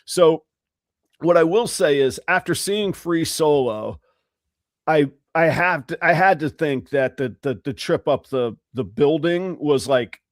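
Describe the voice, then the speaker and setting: Male co-host, casual chat, lively rambling delivery, upper-range voice, dry booth sound. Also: fairly high pitch, a little slow, dry recording. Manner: animated, rambling storyteller. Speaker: podcast co-host.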